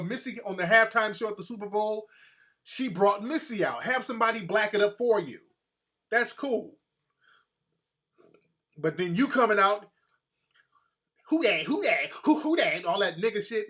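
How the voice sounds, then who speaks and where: Energetic and loose, a male host with a fairly high voice and a fairly bright tone gives profane commentary on his views. He frequently slips into rapid mocking imitations of people.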